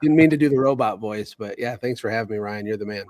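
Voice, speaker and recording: A man on a podcast as a guest, talking over his phone in a casual chat, energetic and sarcastic. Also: on the low side, no echo. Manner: sarcastic, energetic, rapid asides. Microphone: phone on a call.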